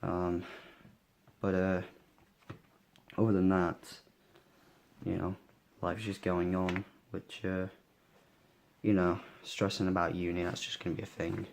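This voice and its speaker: A young man with a cold, sniffly and a bit hoarse, talking tiredly through a casual daily vlog with lots of fillers. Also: low-pitched, level tone, slow pace, a little hiss or hum. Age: young adult. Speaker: vlogger.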